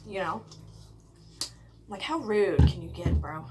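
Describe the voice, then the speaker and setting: A woman vlogger telling a story casually while eating, chatty and full of "like", swearing often and dropping into hushed whispers at dramatic moments. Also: medium pitch, moderate pace, long pauses, very noisy. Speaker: mukbang vlogger.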